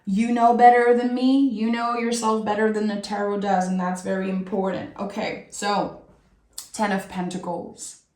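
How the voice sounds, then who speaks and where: A woman doing a tarot reading, speaking softly and with feeling. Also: medium pitch, little pitch movement, echoey room. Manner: slow, soft-spoken and emotional. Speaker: tarot reader.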